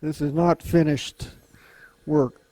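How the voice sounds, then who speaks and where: Older Southern man, unhurried folksy demonstrator, a bit high-pitched. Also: fairly even intonation, warm tone, rough recording. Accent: Southern US, softened. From Louisiana, US. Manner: unhurried, folksy, chuckles often. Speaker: woodturning club demonstrator. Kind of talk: casual demonstration talk.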